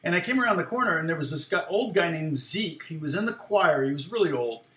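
A man's voice: fairly high pitch, lively intonation, fast talker, fairly bright tone, echoey room. A man casually telling a long personal story, rambling, often laughing and acting out what people said. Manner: rambling, laughs often, acts out quoted lines. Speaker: guitar teacher and former worship leader.

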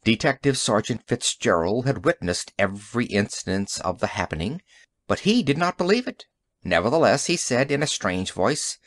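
A man narrating a science fiction story in an audiobook, with an expressive storytelling delivery. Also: mid-range voice, moderate pace, no echo.

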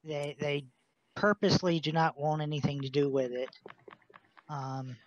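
A man's voice: on the high side, fairly even intonation, measured pace, dry recording. Man, co-host, casual chat, short agreeing remarks, dry muffled recording. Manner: brief, agreeing interjections. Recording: dry, dull lo-fi audio.

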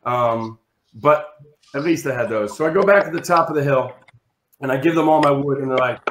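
A man telling a rambling, self-mocking comic story over a video call, acting out other people with big shouts. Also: fairly high pitch, brisk, roomy sound, noisy background. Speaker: storyteller on a comedy show.

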